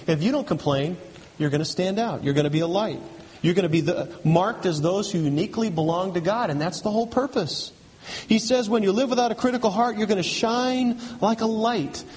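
Male pastor, high voice, emphatic repetitive sermon, long hall reverb. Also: darkish tone. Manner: emphatic, repetitive preaching with rhetorical questions.

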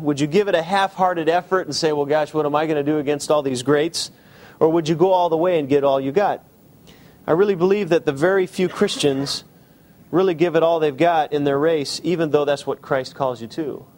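Preaching pastor, fairly high voice. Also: male voice, a little mellow, slight background noise. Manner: direct, questioning the congregation; shifts between quick asides and slow emphasis. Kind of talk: sermon.

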